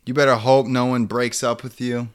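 A man trading jokes in a loose, comedic conversation, spinning a silly premise further and further. He slips into quick mock voices for imagined people and laughs along with his own lines. His pitch sits in an ordinary middle range for a man. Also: little pitch movement, clear, resonant tone. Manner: joking, acts out mock quotes with laughter. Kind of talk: casual comedic chat.

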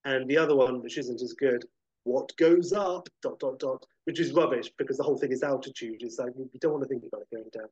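A man casually narrating a film pitch, rambling and scattering fillers as he goes. His voice is mid-pitched. The audio is dry and slightly muffled. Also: fairly even intonation, fast, hardly any pauses, a little mellow, slightly rough, no room sound.

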